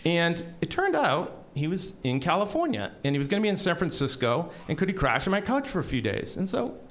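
A man telling a personal story on stage in an animated, self-deprecating way with comic timing. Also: fairly high pitch, a little fast. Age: young adult.

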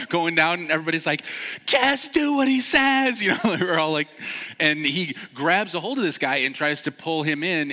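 Pastor guy preaching a sermon, bright tone, acting out the shouting bits in the story, long echo in a big church hall. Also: mid-range voice. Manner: storytelling, acts out shouted dialogue.

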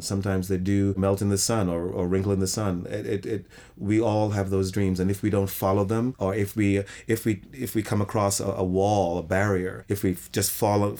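A man's voice: low voice, dark tone. A middle-aged man, a theater director, talking reflectively in an interview and often restarting his sentences. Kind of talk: interview conversation.

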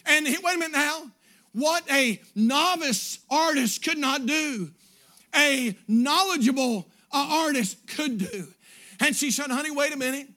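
High, bright-voiced preacher shouting his sermon. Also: a little slow. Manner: preaches in rising, shouted bursts, then drops low and quiet; acts out prayers and quotes in a pleading voice. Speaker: pastor. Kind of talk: fervent revival sermon.

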